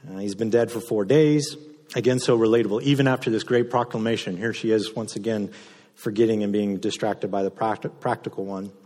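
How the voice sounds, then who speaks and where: A man pastor preaching a sermon, moving between loud impassioned passages and soft, low delivery. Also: fairly even intonation, fairly quick. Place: church sanctuary. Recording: reverberant hall sound.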